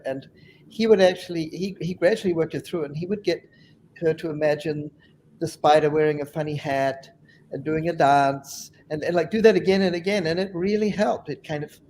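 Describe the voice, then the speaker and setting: A man's voice: on the high side, brisk, a little mellow, a little hiss or hum. A man on a webinar panel telling funny anecdotes in a chatty way and laughing at his own stories.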